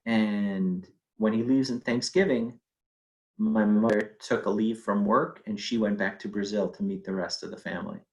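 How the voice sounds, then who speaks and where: Man, middle-aged, lowish pitch, personal storytelling, conversational, fillers. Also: fairly even intonation, normal speed, low-quality recording. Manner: conversational, with fillers and acted quotes.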